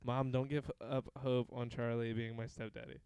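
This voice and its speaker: A man's voice: medium pitch, level tone, moderate pace, a little mellow, smooth, dry recording, dull audio. A young man co-hosting a casual livestreamed podcast, joking and rambling through long explanations. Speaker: podcast co-host.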